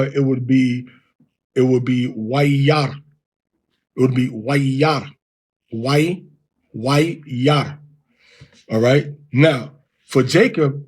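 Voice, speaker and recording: A man giving an informal lesson, explaining step by step and sounding words out slowly. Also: mid-range voice, darkish tone, husky. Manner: explains step by step, reads verses aloud slowly. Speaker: Hebrew teacher.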